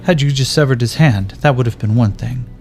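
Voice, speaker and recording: A man's voice: medium pitch, a little fast, darkish tone, lightly acted. A man doing a stern grieving knight lord. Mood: reproachful. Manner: solemn and reproachful. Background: faint background music.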